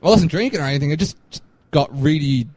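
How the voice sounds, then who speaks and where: Young guy rambling through a story, lots of likes and ums, slightly high voice. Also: lively intonation, quick pace, darkish tone, no room sound. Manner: rambling, laughing, full of fillers. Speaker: podcast co-host. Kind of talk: casual storytelling chat.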